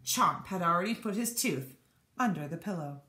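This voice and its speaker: A woman teacher reading a children's storybook aloud, animated and expressive. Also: lowish voice, moderate pace, noisy background. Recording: echoey room.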